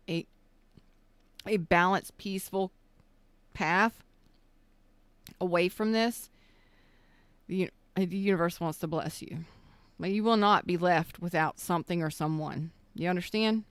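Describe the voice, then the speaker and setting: A woman gives a live tarot reading, choked up and emotional, her words slow and soothing with halting pauses. Her voice sits somewhat low and sounds smooth and resonant, recorded close and dry. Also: no echo. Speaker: tarot reader.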